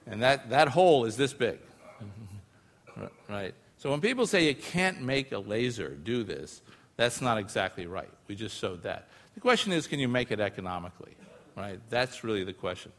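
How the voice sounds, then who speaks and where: A man's voice: medium pitch, sing-song, moderate pace, a bit bright. A man giving a live public science talk to an audience, explaining in a casual, conversational way with frequent asides and tag questions. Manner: casual and explanatory, often using filler phrases and tag questions. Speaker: lecturer presenting research. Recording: long reverb from a large hall.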